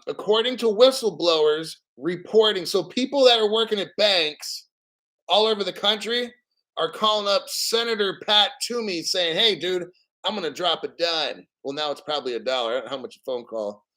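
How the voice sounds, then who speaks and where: Middle-aged male host, raised pitch and sharp timbre, blunt, swearing, rambling livestream rant. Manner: blunt, profane, rambling, reads out news. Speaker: crypto channel host. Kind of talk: casual live stream rant.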